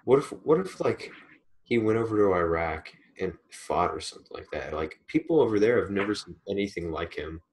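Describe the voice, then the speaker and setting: A young man chatting casually, relaxed and rambling, with hesitant restarts. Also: low voice, a little fast, low-quality recording. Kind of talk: casual chat.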